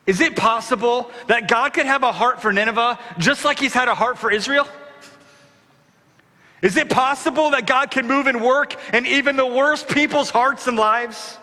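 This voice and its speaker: A man's voice: sits high, moderate pace, bright, forceful tone, in a large hall. A man preaching a sermon as pastor, with impassioned rhetorical questions. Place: church.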